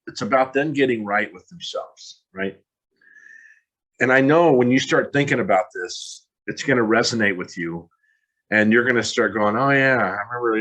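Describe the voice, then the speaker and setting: A man's voice: lowish voice, fairly bright tone, poor audio. A man in his fifties giving an earnest, candid motivational talk with a self-deprecating touch. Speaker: motivational speaker.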